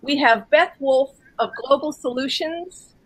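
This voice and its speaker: A woman with a high, bright voice moderates a live online coaching session. She speaks slowly while she introduces the other members.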